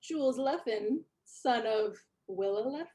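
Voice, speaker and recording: A puffed-up, bookish male dwarf who collects trains and talks down to everyone, as a woman game master puts him on. His voice sits raised and a touch louder than her plain narration, grand and self-satisfied, in a tabletop role-play. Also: fairly high pitch, moderate pace, close to an everyday voice. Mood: mocking. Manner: grandiose, condescending. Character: pompous nerdy male dwarf train enthusiast.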